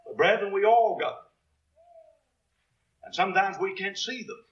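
A man's voice: high-pitched, lively intonation, unhurried, long pauses, lo-fi sound. A man preaching a sermon, quoting scripture in King James wording and building to emphatic peaks.

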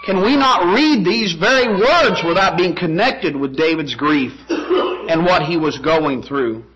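A man's voice: fairly high pitch, lively intonation, measured pace, a crowd in the background, low-quality recording. A man preaching a sermon, emphatic, with rhetorical questions and repeated phrases.

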